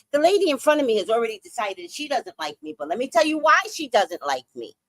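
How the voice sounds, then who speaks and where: Woman host, highish and very lively voice, storytelling, close dry mic. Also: dry recording. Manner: lively anecdote with acted-out quotes, swings between high and low pitch. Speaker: podcast host. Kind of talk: animated storytelling.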